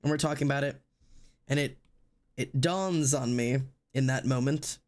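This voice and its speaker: A man's voice: mid-range voice, moderate pace. A male streamer telling a story in casual chat, rambling with lots of fillers and acting out what people said. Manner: rambling, filler-heavy, acts out quotes.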